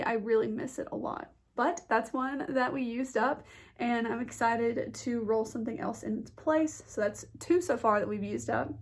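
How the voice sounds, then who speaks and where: A young woman chatting casually about beauty products she has used up, her voice nasal and stuffy from a blocked nose, with lots of "like" fillers. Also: fairly high pitch. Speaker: beauty vlogger.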